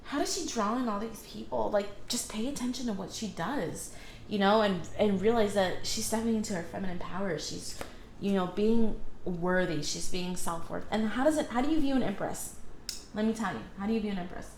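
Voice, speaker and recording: Giving spiritual advice in a loose, wandering way, this female tarot reader fills her talk with fillers and corrects herself often. Her mid-range voice moves fairly quickly and has a darkish tone, plus a little hiss or hum. It was recorded in an echoey space with faint ambient sound.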